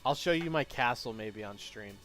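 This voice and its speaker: A man's voice: medium pitch, lively intonation, normal speed, a bit bright, faint music behind. A man chatting casually to his viewers on a live stream, rambling and self-deprecating with a jokey manner.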